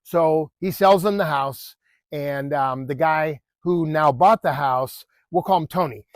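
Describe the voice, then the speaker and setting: A man telling a moral story in a loose, chatty way, full of fillers and asides to the listener. His voice sits a little high for a man, and the recording is close and dry. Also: measured pace, no room sound. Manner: chatty, many fillers and "right?".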